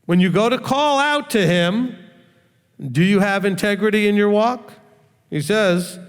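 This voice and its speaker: Rabbi guy giving a sermon, kinda high voice, chatty, keeps asking the room if they get it, long hall echo. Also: lively intonation, moderate pace. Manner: conversational, often checks in with the listeners; light joking asides. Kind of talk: teaching sermon to a congregation.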